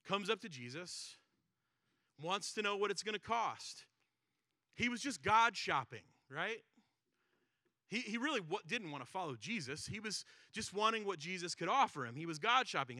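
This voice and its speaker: A pastor preaching a sermon in a conversational way, asking rhetorical questions and acting out quoted prayers. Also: male voice, high-pitched, very animated, moderate pace, pushed and bright, no room sound, clean studio sound. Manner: conversational, repeats words and acts out quoted prayers; rhetorical questions with frequent "right?" and "like".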